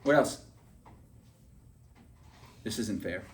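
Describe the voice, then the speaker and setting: Low-voiced man coaching, recorded from afar. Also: expressive, extremely slow, recorded from a distance, slight background noise. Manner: conversational, keeps checking in with the listener by asking "right?". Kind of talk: motivational training talk.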